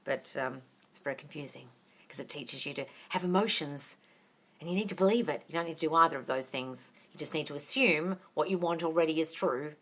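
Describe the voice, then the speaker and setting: On a phone live stream, a manifestation coach with a low-sitting, brisk voice hosts a Q&A. She is chatty and emphatic, laughs often, and calls her viewers darling.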